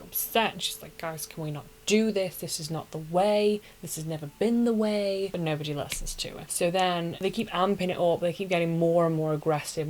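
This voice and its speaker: A woman's voice: deep voice, a little hiss or hum, poor audio. A young woman hosting a casual anime recap, talking in a chatty, slangy, opinionated way.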